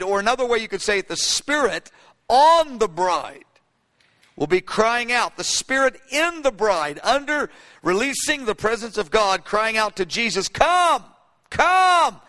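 A male preacher with a high, bright, forceful voice teaches from his notes. He speaks emphatically and builds to fervent, repeated cries. His voice rings with the long reverb of a large hall. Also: animated, normal speed.

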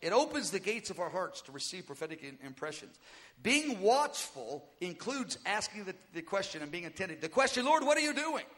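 A man's voice: sits high, very animated, brisk, bright, forceful tone. A man preaching a teaching sermon, earnest and exhorting, repeating his points. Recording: long hall reverb.

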